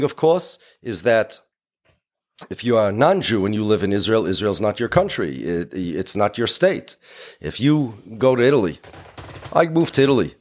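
Emphatic man lecturing. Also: lowish voice. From United States. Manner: emphatic and explanatory, with many Yiddish and Hebrew words. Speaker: speaker.

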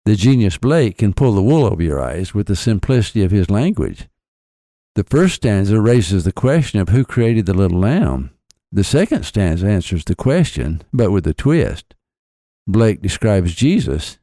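A man explaining poetry in a scripted podcast, lecturing with deliberate emphasis on key phrases. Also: on the low side, big pitch swings, warm tone, no room sound, clean studio sound. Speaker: author and podcast guest lecturer. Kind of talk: scripted literary commentary.

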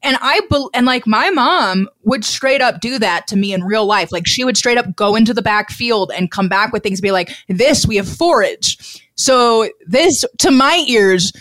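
A woman from Missouri co-hosting a podcast, reacting with quick jokes in casual chat. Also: a little high, animated, a bit bright, dry recording. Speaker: podcast co-host.

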